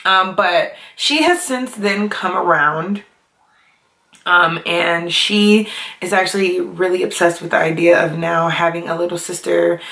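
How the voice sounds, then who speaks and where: A woman's voice: fairly low pitch, measured pace, creaky, a bit bright. A young adult woman chatting casually to camera as a vlogger, full of fillers and laughs. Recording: echoey room.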